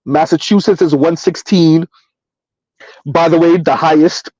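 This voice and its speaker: A man hosting a casual livestream, reading numbers aloud and answering his chat in a relaxed, chatty way. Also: fairly high pitch, measured pace, no room sound, lo-fi sound. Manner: casual, chatty, addresses listeners as y'all. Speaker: livestream host.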